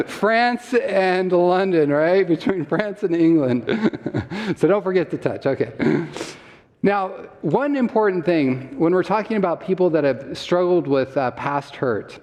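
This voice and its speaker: Man, health talk to live audience, engaging, quizzes listeners, laughs often, slightly high voice, long church hall reverb. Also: darkish tone. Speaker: health summit speaker.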